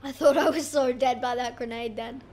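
A young woman giving excitable, self-mocking commentary over her own gameplay. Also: high-pitched, normal speed, slight background noise. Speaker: gaming YouTuber.

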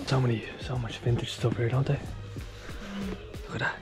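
A man's voice: mid-range voice, flat delivery, normal speed, over loud music. A man hosting a casual travel vlog outdoors, chatty and upbeat, talking to his viewers as he walks along a street. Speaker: travel vlogger. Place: outdoors on a town street with passing traffic.

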